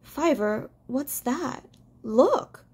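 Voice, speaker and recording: A woman's voice: high-pitched, animated, very slow, a little mellow, slightly rough, heavily acted. A woman reading aloud, voicing a young male rabbit who speaks firmly and reassuringly. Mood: urgent. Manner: firm, reassuring. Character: steady young male rabbit, protective leader.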